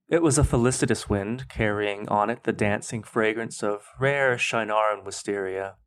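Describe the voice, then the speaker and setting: A man hosting a podcast, reading his own fan fiction aloud in a measured, dramatic way. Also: fairly low pitch, clear, resonant tone. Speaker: podcast host.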